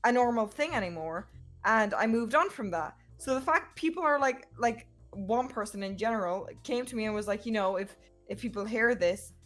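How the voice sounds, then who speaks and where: A woman's voice: on the high side, animated, moderate pace, a bit bright, soft background music. A woman in a casual podcast chat, making emphatic points and swearing heavily. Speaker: podcast co-host.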